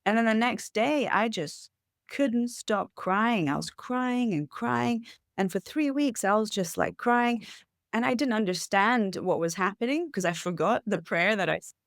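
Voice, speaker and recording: A woman's voice: fairly high pitch, a little slow, dry recording, clean studio sound. A woman who works as a life coach tells her personal story in a podcast interview, earnest and reflective, with many fillers. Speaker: intuitive life coach, guest.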